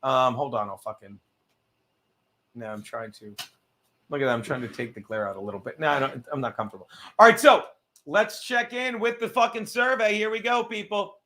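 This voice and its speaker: A man's voice: fairly high pitch, brisk, pushed and bright. A man hosting a casual livestream, rambling, swearing often and breaking off mid-sentence while fiddling with his screen. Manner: profane, rambling, self-interrupting; reads viewer messages aloud. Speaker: livestream host.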